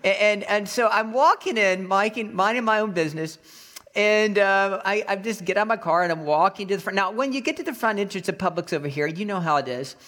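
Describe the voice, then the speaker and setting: A male pastor delivering a sermon, telling a personal story with animated acted-out voices. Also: high-pitched, fairly quick. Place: Florida.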